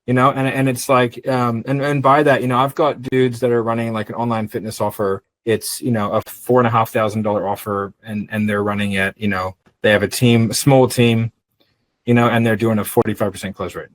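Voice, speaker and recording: A middle-aged man, a business owner, chatting casually on a podcast in a blunt, profane, animated storytelling way. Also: medium pitch, a little fast, no room sound, rough recording.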